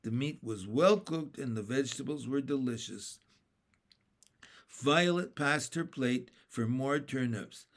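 Slow, steady male storybook reader. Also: mid-range voice. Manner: steady, plain reading. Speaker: narrator. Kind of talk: storybook reading.

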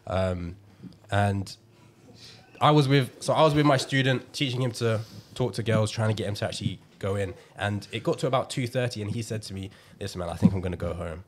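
Low-voiced man telling a candid story. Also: a little fast, slight background noise. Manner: candid, laughing, acts out quoted dialogue. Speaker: guest, confidence coach. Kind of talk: casual podcast storytelling.

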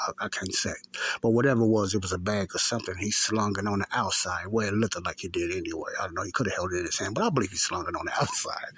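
Deep, husky and a bit bright, this man's voice comes through with no room sound. He's a podcast host in his fifties, chatting casually and telling a repetitive, rambling story while often correcting himself.

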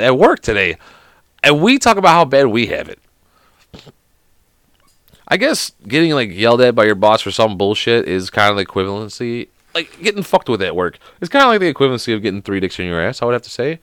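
A man's voice: mid-range voice, big pitch swings, fairly quick, pauses often, fairly bright tone, no room sound, studio quality. Swearing, rambling man on a sick day. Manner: swears constantly, rambling anecdotes with laughs. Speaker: podcast host. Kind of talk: solo casual chat.

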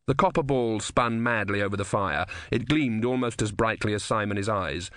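A man narrating a novel as an audiobook in an even, measured storytelling manner. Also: lowish voice, no room sound, studio quality. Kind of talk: scripted narration.

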